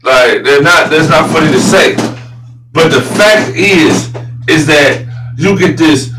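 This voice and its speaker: A man's voice: on the high side, takes it slowly, over music. Blunt, profane man talking basketball. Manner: blunt, profane, gets loud and incredulous. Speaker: sports podcast host. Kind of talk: casual opinionated sports talk. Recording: roomy echo, voice a bit far from mic, faint hum.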